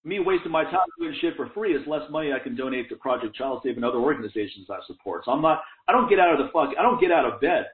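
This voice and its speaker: Fired-up guy swearing and laughing, talks fast, sounds echoey. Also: on the high side, animated. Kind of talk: casual profane chat. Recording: tinny phone-like echoey sound.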